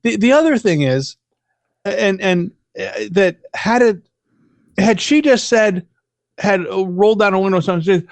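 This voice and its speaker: A man's voice: high-pitched, expressive, normal speed, no echo. Profane rambling man telling a story. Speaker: podcast co-host. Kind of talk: casual chat.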